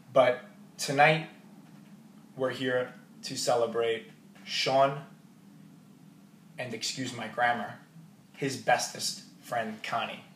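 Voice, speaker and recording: A man of medium pitch offers a wedding toast, spinning jokey, warm stories about the groom. The audio is roomy, recorded from a distance in a hall, with slight background noise.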